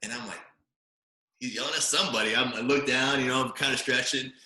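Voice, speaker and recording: Bright-voiced man telling a long story. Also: mid-range voice, fast. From Hawaii. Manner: animated storyteller, many fillers and tag questions. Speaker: podcast guest, former quarterback. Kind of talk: storytelling in a casual interview. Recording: roomy echo.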